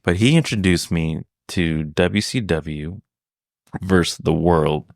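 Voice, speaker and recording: A man's voice: low voice, takes it slowly, creaky, dry recording, studio quality. A man co-hosting a podcast in a laid-back, casual chat, mostly giving short agreeing replies. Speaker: podcast co-host.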